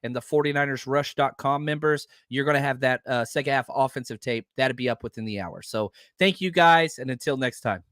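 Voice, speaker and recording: A man's voice: medium pitch, a little fast, hardly any pauses, fairly bright tone, no room sound, studio quality. A man hosting a sports podcast, talking casually and ranting heatedly with plenty of profanity. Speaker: podcast host.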